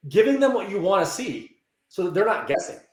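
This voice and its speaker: A man's voice: high-pitched, a little fast. Chatty man in a roomy echo. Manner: animated, acts out quoted dialogue, many restarts. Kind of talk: casual interview talk.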